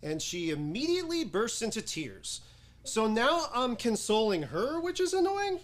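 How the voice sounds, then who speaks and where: A man's voice: very high voice, sing-song, moderate pace. An actor performing a stage comedy monologue as a weary, sardonic man telling about his day in a dry way. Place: acting studio stage before an audience.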